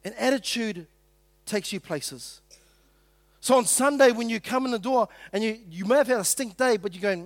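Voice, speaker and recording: High-voiced New pastor preaching casually. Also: male voice, animated, normal speed, no echo. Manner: conversational, joking with the congregation, acting out quotes. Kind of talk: sermon.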